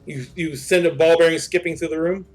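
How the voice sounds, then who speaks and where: A man's voice: on the high side, fairly even intonation, a little mellow, faint music behind. Casual man running a tabletop game. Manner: casual, loose and swearing, with quick scene descriptions. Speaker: game master.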